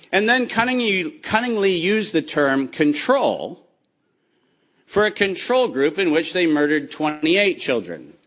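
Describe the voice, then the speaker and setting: A man giving an impassioned, accusatory speech with slides, speaking emphatically with deliberate pauses. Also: on the high side, a bit bright.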